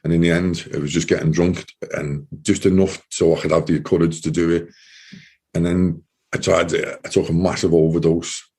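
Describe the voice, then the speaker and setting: A low-pitched man telling his own story as an interview guest. His voice is mellow and dark, and he speaks in earnest, halting runs, often repeating himself as he goes. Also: flat delivery, slightly rough. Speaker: guest, former soldier. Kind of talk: personal testimony in an interview.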